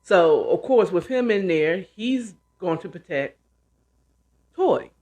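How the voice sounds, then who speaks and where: A woman host casually retelling a novel she's reading, with chatty, animated asides. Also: lowish voice, slow. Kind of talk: casual book retelling and commentary.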